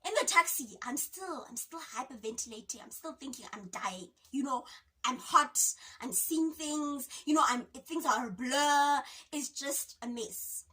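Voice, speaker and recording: A young South African woman telling a funny story on a storytime vlog, dramatic and expressive, acting out quotes with sudden pitch jumps. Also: measured pace, breathy edge. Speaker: YouTuber. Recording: voice a bit distant from the mic.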